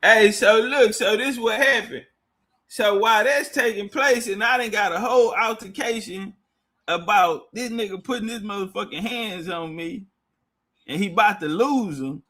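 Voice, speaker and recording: A man telling a comic story, profane and animated, laughing often. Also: sits high, moderate pace. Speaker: stream host. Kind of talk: comedic storytelling.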